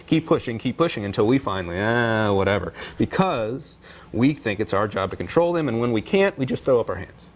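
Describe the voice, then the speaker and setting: A man, a parenting author, talking in a TV news interview, energetic and animated, acting out what parents and kids say. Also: fairly low pitch, brisk. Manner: energetic, animated, acts out parent and kid voices. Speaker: parenting author and speaker, guest.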